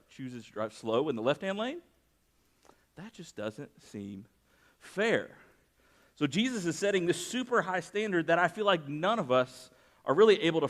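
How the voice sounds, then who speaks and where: A man's voice: fairly high pitch, fairly bright tone. Man preaching a conversational sermon. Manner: conversational preaching with personal anecdotes, rising for emphasis. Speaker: pastor.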